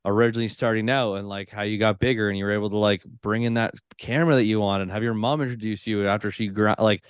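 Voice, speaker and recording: A man's voice: on the low side, steady tone, fast talker, smooth, dry recording, studio quality. A man hosting a podcast, talking loosely and effusively, peppering his speech with "like". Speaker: podcast host. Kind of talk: casual podcast conversation.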